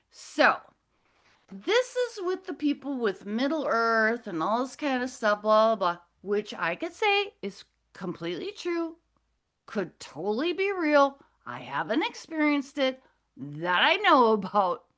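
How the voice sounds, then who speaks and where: A woman's voice: fairly high pitch, very animated, a little slow, fairly bright tone. A middle-aged woman speaking to a group, chatty and digressive, often laughing as she tells a personal story. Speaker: guest speaker. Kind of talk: casual talk to a group.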